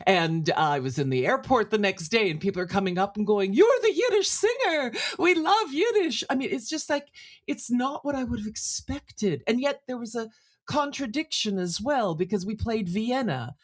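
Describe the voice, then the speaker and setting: An older woman, a singer and actor from France raised in Canada, telling animated stories as an interview guest. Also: mid-range voice, moderate pace. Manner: animated storyteller, drops into quoted voices. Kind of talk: conversational interview storytelling.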